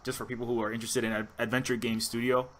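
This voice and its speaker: A man's voice: medium pitch, flat delivery, very fast. A man hosting a podcast interview, rambling with many restarts and fillers. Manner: rambling, lots of "you know" and restarts. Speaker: podcast host. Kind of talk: casual interview chat.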